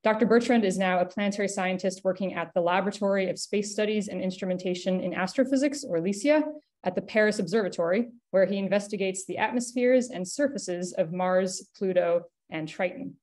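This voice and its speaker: A woman's voice: medium pitch, a little fast, darkish tone. A woman hosting an online seminar, introducing the speaker in a casual, filler-heavy way over a video call. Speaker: seminar host. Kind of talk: webinar introduction.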